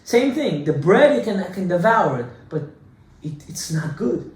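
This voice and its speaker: Animated rabbi teaching in an echoey room. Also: male voice, high-pitched, moderate pace. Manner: animated, conversational, Hebrew terms mixed in. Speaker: rabbi giving a Torah class. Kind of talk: informal Torah class. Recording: echoey room with faint noise.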